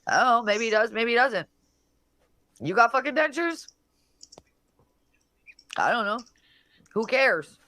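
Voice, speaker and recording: A woman's voice: on the high side, lively intonation, unhurried, pauses often, sharp tone. A woman hosting a casual livestream, reading comments and mocking people in a brash, profane way. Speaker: livestream host.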